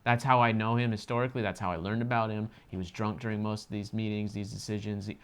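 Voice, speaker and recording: A man's voice: lowish voice, level tone, fast talker, smooth. A man co-hosting a reaction video, talking in an earnest, emphatic way and swearing freely. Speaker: co-host of a reaction channel. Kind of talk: casual reaction discussion.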